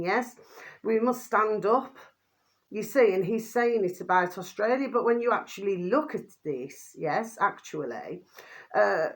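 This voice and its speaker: Woman, chatty rambling commentator who keeps checking in with her viewers. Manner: rambling, full of fillers and repeated tag questions; drops pet phrase "my delicious babies" in a quick low aside. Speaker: vlogger commenting on videos.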